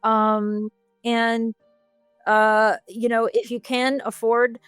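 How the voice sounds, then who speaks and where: A woman's voice: a little high, little pitch movement, slow pace, clear, resonant tone, no echo, studio quality, soft background music. A woman guest on a podcast, co-founder of an advocacy group, speaking earnestly and practically with frequent "um" fillers. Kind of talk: podcast interview, giving advice.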